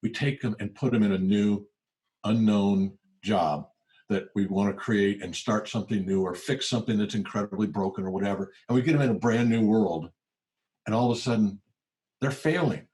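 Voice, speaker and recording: A former tech CEO in his sixties, appearing as a guest, chats casually in an interview. His voice sits on the low side at a normal speed, and he tells his stories with animation, acting out the voices of the people he quotes.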